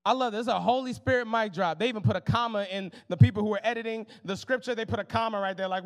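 A young man preaching a sermon as pastor, casual and humorous, calling the crowd y'all and swinging between soft asides and loud exclamations. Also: high-pitched, rapid-fire, few pauses. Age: young adult.

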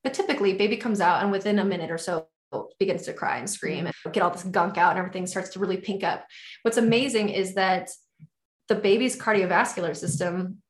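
A woman's voice: mid-range voice, fairly quick. A woman talking in a casual podcast conversation as a birth educator, enthusiastic and effusive. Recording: echoey room.

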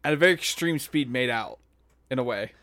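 A man's voice: mid-range voice, expressive, brisk, sharp tone, dry recording. A man co-hosting a podcast, joking and teasing with playful commentary. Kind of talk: casual chat.

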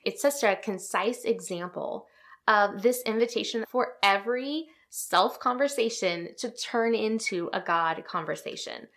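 A woman hosts a devotional podcast in a reflective, conversational teaching voice. A noticeable vocal fry runs through her delivery, and she lets her voice drop softly at the ends of thoughts. She sits at a mid pitch. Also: unhurried. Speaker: podcast host.

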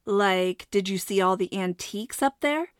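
A woman's voice: medium pitch, unhurried, smooth, dry recording, studio quality, lightly acted. A woman voicing a curious, rule-minded schoolgirl who asks earnest questions.

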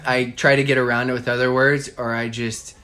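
A man co-hosting a podcast, speaking emphatically and turning to motivational advice, with excited peaks. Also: mid-range voice, brisk. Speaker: podcast co-host, network marketing speaker.

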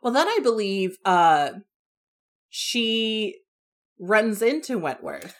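A woman's voice: medium pitch, big pitch swings, slow. Chatty young woman retelling a story. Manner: chatty, affirming, retells scenes. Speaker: podcast co-host. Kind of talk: casual book discussion.

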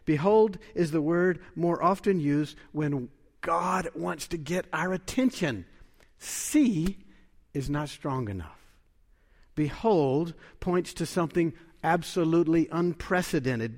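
A man preaching a sermon in a measured, emphatic way, lifting his voice when he quotes scripture. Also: on the high side, a little mellow, in a large hall.

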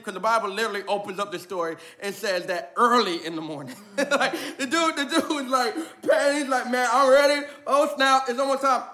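A man preaching a sermon as pastor, energetic and playful, mixing casual slang into his delivery. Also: high voice.

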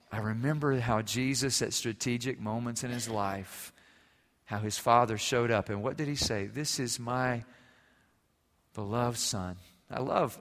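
A man preaching a sermon as pastor, swinging from loud emphasis to quiet, intimate passages. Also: fairly low pitch, creaky. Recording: long reverb of a large hall.

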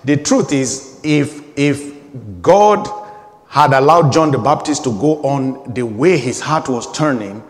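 A man's voice: mid-range voice, unhurried, few pauses, in a large hall. A man in his forties preaching a sermon, emphatic and repetitive, building in intensity. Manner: emphatic, repeating phrases, rising intensity.

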